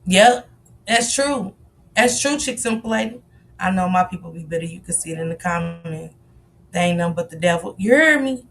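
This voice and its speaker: Bright-voiced woman hosting a live stream. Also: fairly low pitch, animated, moderate pace, creaky. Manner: candid and confessional, swears freely, greets and answers chat. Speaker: livestream host. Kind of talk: casual live-stream chat.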